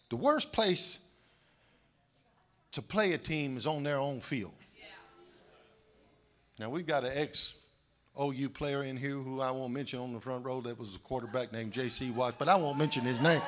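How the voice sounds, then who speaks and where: Bright high-voiced preacher man. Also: a little hiss or hum. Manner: folksy storytelling, laughing often, building to shouted preaching. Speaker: pastor. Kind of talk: sermon.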